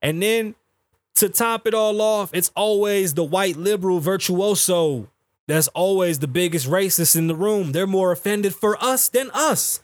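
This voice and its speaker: A podcast host from the Bronx with a somewhat high voice, ranting in a heated, profane way. The sound is close and dry, with little room around it. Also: male voice, measured pace, no room sound. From the Bronx, New York. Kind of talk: casual podcast rant.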